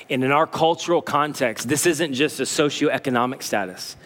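A man preaching a sermon as pastor, animated as he acts out puzzled listeners, then dropping to slow, low emphasis. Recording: long hall reverb.

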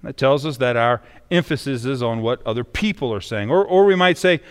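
A man's voice: mid-range voice, expressive, normal speed, hardly any pauses, fairly bright tone, clear, resonant tone, in a large hall. A man pastor reading scripture and then preaching a sermon in a conversational, emphatic way.

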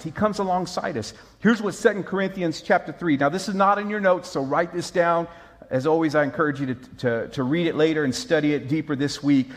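Pastor guy preaching, fairly high voice, gets loud then drops quiet, storytelling. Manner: animated storyteller, mimics moaning, swings loud and soft. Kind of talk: sermon.

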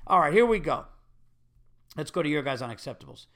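A middle-aged man hosts a talk show alone, telling everyday stories in a loose, casual way. His voice sits a little high for a man, and he breaks into heated, swearing rants. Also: brisk. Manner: animated storytelling, rants with heavy swearing. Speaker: podcast host. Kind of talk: casual monologue.

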